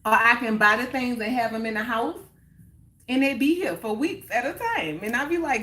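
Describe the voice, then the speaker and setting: A woman's voice: a little high, lively intonation, moderate pace, pushed and bright. A woman hosting a live stream in casual chat, answering viewers and repeating her points for emphasis. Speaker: livestream host.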